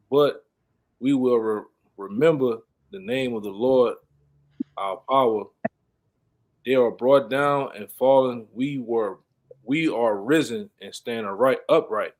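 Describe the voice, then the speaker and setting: A man reading scripture aloud haltingly, stumbling and restarting words. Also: medium pitch, darkish tone. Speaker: scripture reader.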